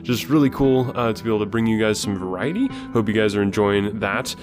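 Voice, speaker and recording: A man, the podcast host, giving a relaxed outro that rambles with fillers. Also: lowish voice, a little fast. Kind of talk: casual outro. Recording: voice over guitar music.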